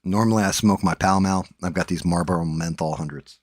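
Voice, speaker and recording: A man's voice: low-pitched, fairly quick, no echo, clean studio sound. A middle-aged man hosting a live stream, talking casually in a rambling, profane, joking way. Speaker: livestream host.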